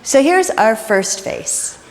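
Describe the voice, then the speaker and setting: A woman's voice: fairly high pitch, big pitch swings, slight background noise. Playful woman minister in a hall. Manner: playful, chatty, quick jokes. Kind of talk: interactive sermon with congregation. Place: church sanctuary. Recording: reverberant church hall.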